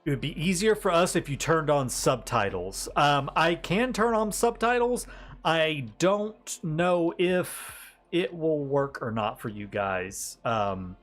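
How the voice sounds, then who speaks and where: Casual American streamer with a lilt, rambling and friendly, faint music underneath. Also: male voice, fairly high pitch, animated, takes it slowly, fairly bright tone. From United States. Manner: chatty, rambling, greets viewers, laughs often. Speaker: livestreamer. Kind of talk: casual live-stream chat.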